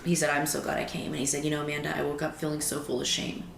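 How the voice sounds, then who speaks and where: Podcast guest, woman, very deep voice, animated storyteller; echoey room with faint noise. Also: rapid-fire, gravelly. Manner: animated, acts out quoted dialogue. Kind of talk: personal storytelling in conversation. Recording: roomy echo with faint background noise.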